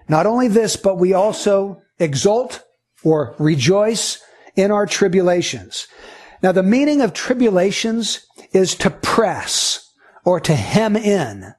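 Guy preaching a sermon, kinda high voice, breathy, earnest questions. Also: lively intonation, slow pace, a little mellow. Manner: earnest teaching with rhetorical questions; reads scripture aloud.

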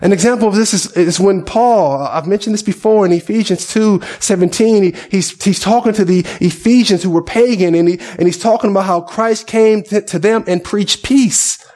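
Male pastor, high voice, conversational sermon that questions the congregation. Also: moderate pace, hardly any pauses, dark tone.

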